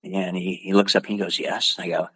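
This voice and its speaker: An older man from Oregon, a martial arts instructor telling stories as an interview guest, lively and acting out quotes. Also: deep voice, a little fast, breathy edge, dry recording. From Oregon, USA. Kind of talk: animated storytelling.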